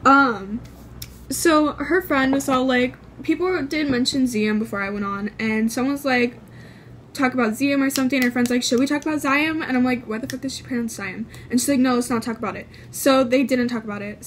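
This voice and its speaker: A woman from California tells a casual storytime vlog in a higher-than-usual voice. She rambles and restarts, leans hard on fillers and swears without a second thought. Light background noise sits under the recording. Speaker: vlogger.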